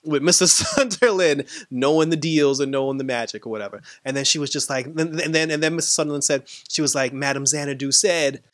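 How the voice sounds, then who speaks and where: A man giving a casual, animated recap of a TV episode, acting out what the characters said and laughing often. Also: a little high, quick pace, few pauses, dry recording. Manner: animated retelling, quoting characters, frequent laughs. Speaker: TV episode reviewer.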